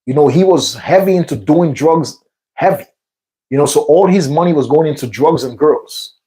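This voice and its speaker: A man's voice: on the high side, lively intonation, moderate pace, mellow, rough recording. A man casually telling a rambling personal story between workout sets, repeating himself and filling in with fillers. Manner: rambling, repetitive retelling with many fillers. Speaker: vlog host.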